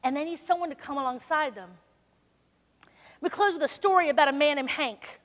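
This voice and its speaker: A woman with a Southern US accent telling a story in an animated, conversational sermon. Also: high-pitched, fairly quick, pauses often. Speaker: speaker. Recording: reverberant hall.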